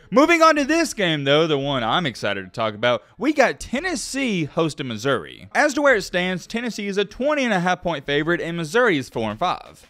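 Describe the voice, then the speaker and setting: Young male sports host, lively swooping delivery, dry close sound, playful trash talk. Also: fairly high pitch, dry recording. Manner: hyped, playful, trash-talking. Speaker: college football preview host. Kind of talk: energetic sports commentary.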